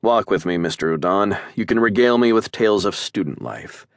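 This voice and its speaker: A man's voice: lowish voice, expressive, brisk, dry recording. A man voicing a seasoned male starship captain who speaks with dry, wry understatement.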